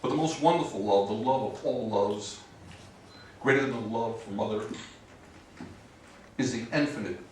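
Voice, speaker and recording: A man reciting a comic poem slowly and deliberately to an audience. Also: mid-range voice, a little mellow, slight background noise. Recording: echoey barn from far off.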